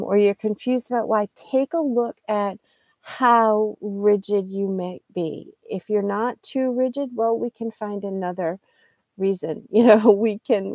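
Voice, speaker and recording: A woman teaching English in a live lesson, pausing to search for words and correct herself, with light laughs. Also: mid-range voice, gravelly, warm tone, no room sound.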